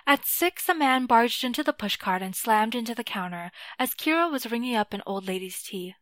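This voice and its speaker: A woman narrating a fictional story in a measured, scripted reading. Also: on the high side, lively intonation, fairly bright tone, no echo.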